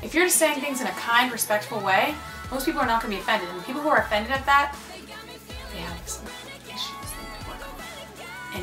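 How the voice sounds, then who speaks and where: A young woman talking casually and earnestly, giving encouraging self-help advice. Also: fairly high pitch. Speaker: advice speaker. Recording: echoey room with faint music.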